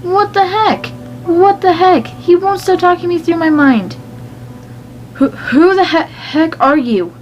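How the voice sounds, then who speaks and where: A woman's voice: fairly high pitch, flat delivery, unhurried, hardly any pauses, muffled recording, soft background music, natural voice. Woman voicing a stammering, frightened teenage boy. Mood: alarmed. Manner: stammering, shouting in alarm.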